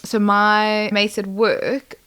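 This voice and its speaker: A woman's voice: medium pitch, slow, smooth. A South African woman co-hosting a casual chat podcast, telling stories and acting out what people said. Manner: animated storyteller, acts out quotes. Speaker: podcast co-host.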